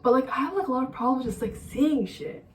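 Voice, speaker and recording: A woman's voice: high-pitched, expressive, brisk, slight background noise. A young woman vlogger telling a rambling, profane story in a casual storytime way. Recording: roomy sound, distant mic.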